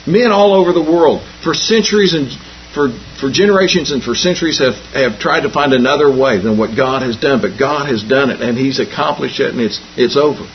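A man's voice: mid-range voice, fairly quick, slight background noise. A man preaching a folksy Bible lesson, repeating and restarting phrases and telling homespun jokes, on a dull lo-fi recording. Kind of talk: folksy sermon.

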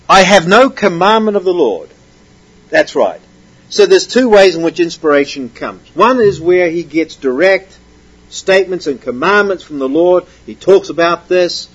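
Male preacher, husky tone, pitched high; conversational sermon style, keeps asking the congregation questions. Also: dull audio. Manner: conversational, with frequent rhetorical questions. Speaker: preacher teaching from a Bible passage.

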